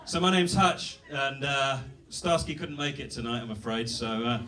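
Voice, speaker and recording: A man's voice: medium pitch, fairly even intonation, normal speed, pushed and bright, far from the mic, slight background noise. A British man doing a self-deprecating stand-up set on a comedy club stage, rambling with fillers and restarts. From Britain.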